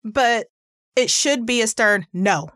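A woman hosting a parenting talk, chatty and earnest, with a pitchy voice and plenty of "like" fillers. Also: lively intonation, normal speed, a bit bright, no echo, studio quality. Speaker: parenting podcast host. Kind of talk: casual advice talk.

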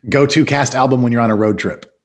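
A man hosting a casual podcast interview, upbeat and quick to laugh. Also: medium pitch. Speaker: podcast host.

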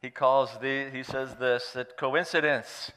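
A man's voice: medium pitch, unhurried, clear, resonant tone, big-room sound. A man preaching, reading scripture aloud and adding playful, joking asides. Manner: playful, animated storyteller who jokes aside. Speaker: pastor.

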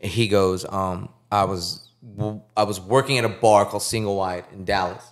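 A man telling stories in a casual podcast chat, animated and swearing freely, acting out other people's lines. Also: lowish voice, normal speed. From Puerto Rico. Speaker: guest artist.

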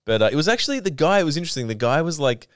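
A man's voice: a little high, sing-song, rapid-fire, clear, resonant tone, no echo, studio quality. An Australian man hosting a podcast, telling a rambling, sweary travel anecdote in casual chat. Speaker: podcast host.

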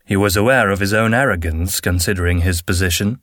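Low-voiced man narrating a fantasy story. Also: no echo, clean studio sound. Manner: steady, measured storytelling. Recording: narration with faint background music.

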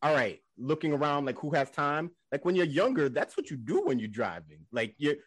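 A man's voice: a little high, sing-song, a little fast, no room sound. A man co-hosting a podcast, telling laid-back, slangy stories in casual chat. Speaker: podcast co-host.

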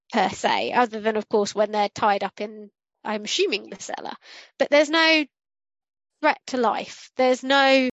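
Woman, casual podcast chat, rambling and self-correcting, higher voice, dry dull audio. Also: fairly bright tone, no room sound. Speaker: podcast co-host.

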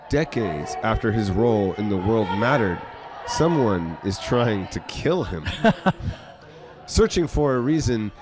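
A man co-hosting a podcast, reading a book blurb and joking casually. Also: lowish voice. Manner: joking, easygoing. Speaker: podcast co-host.

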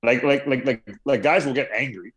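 A man's voice: medium pitch, brisk, a bit bright, muffled recording. A young man co-hosting a casual podcast chat, talking hesitantly with many repeated fillers and restarts. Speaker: podcast co-host.

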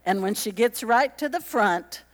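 A woman preaching a lively, conversational sermon, chatty and joking with the congregation as she acts out little quotes. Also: a little high, unhurried, big-room sound.

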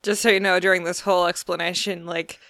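A player in a tabletop role-playing game, joking with quick asides while speaking in character. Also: medium pitch, level tone, gravelly, bright, forceful tone, no room sound, studio quality.

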